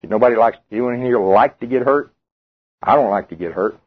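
A man's voice: mid-range voice, normal speed, slightly rough. A man preaching a sermon, talking conversationally and putting questions to the congregation. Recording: tinny radio broadcast.

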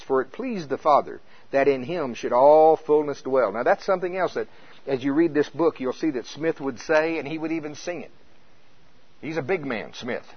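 A man's voice: mid-range voice, slightly rough, highs cut off. A man preaching a sermon, reading scripture aloud and stopping to explain it, with frequent interjections of "Hallelujah.". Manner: expository, breaks off mid-sentence to explain the verses.

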